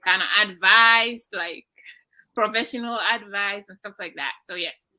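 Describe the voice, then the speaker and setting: A young woman from Nigeria tells her own story as a guest. Her voice is bright and forceful. She speaks earnestly and prayerfully, and a soft laugh slips in now and then. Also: mid-range voice, measured pace, rough recording. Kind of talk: emotional personal testimony.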